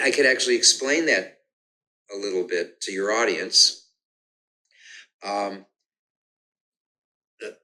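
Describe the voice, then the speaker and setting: An older man, a guest musician, telling the story of how he came to music in a relaxed conversational way, humming rhythms aloud to explain them. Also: medium pitch, low-quality recording. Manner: hums and sings rhythms aloud to explain, frequent restarts.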